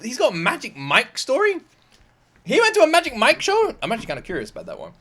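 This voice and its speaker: Excitable British man reacting. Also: very high-pitched, quick pace. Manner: excitable, swears, laughs often. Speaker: reaction video host. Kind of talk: casual reaction commentary.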